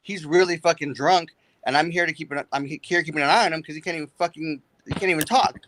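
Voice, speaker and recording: A man's voice: on the high side, quick pace, fairly bright tone, a little hiss or hum. A young man telling a story on a livestream chat, heated and full of swearing. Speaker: guest on a livestream. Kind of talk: casual chat.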